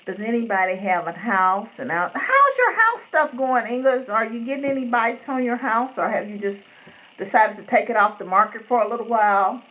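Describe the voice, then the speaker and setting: A woman's voice: medium pitch, fairly even intonation, brisk, a bit bright, lo-fi sound. A middle-aged woman, hosting a rambling live-stream chat and greeting viewers by name. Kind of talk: casual chat.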